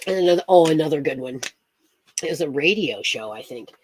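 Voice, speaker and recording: A woman's voice: sits low, lively intonation, moderate pace, a bit bright, husky. A woman chatting casually on a livestream, rambling from story to story, laughing often and greeting viewers by name. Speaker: astrology streamer.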